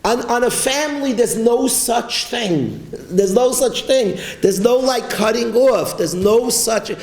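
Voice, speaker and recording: Man, rabbi, impassioned Torah class, repetitive, high voice, echoey study hall. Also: takes it slowly, a little mellow. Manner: impassioned, repetitive, mixes Yiddish and Hebrew terms. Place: study hall with a learning group.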